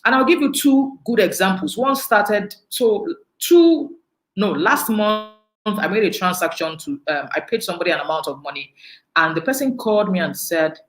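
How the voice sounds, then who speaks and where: A Nigerian woman giving a storytelling talk on emotional intelligence, animated and laughing often. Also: medium pitch, normal speed, echoey room, poor audio.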